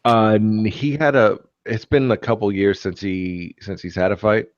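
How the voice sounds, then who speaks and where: A man's voice: on the low side, steady tone, normal speed, no room sound, dull audio. A man hosting a casual live stream chat, rambling with many fillers and restarts. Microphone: computer mic on a live stream.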